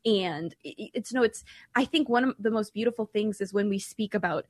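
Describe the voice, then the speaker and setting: A woman from Ireland hosting a radio talk show, chatty and quick, inviting callers to phone in. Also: mid-range voice, darkish tone, no room sound. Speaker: radio host.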